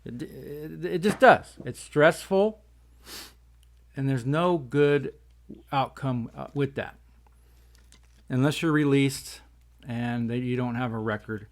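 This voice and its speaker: A man's voice: medium pitch, takes it slowly, pauses often. A man hosting a casual talk show, rambling and folksy while talking around tobacco in his mouth. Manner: rambling, folksy, says "y'all". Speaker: host.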